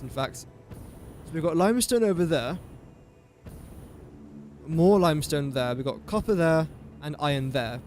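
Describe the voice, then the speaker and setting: A man's voice: fairly high pitch, animated, moderate pace, long pauses, darkish tone, faint music behind. A man talking to himself in casual gameplay commentary, rambling and easily sidetracked. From England. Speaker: gaming streamer.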